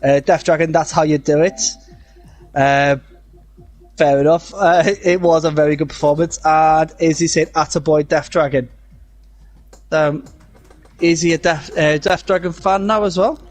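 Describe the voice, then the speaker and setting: A man giving casual live commentary on an online racing league, chatty and halting with many fillers. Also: fairly high pitch, fairly even intonation.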